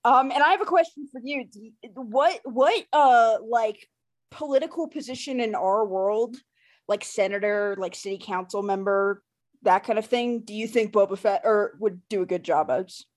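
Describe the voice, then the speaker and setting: A woman's voice: a little high, normal speed. A woman co-hosting a podcast in casual chat, rambling with fillers and restarts as she asks questions. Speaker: podcast co-host.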